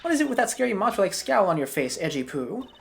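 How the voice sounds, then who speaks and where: A woman voicing a meddling, fawning old woman from a game who scolds and gushes by turns, with her voice jumping up high. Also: sing-song, quick pace, vocal fry, soft background music. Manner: gushing and scolding, swoops up high.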